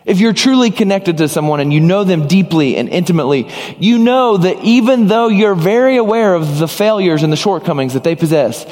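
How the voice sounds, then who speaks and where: A man's voice: sits high, lively intonation, a little fast, a little mellow, long reverb tail. A man preaching a sermon as pastor, earnest, acting out short dialogues as he speaks.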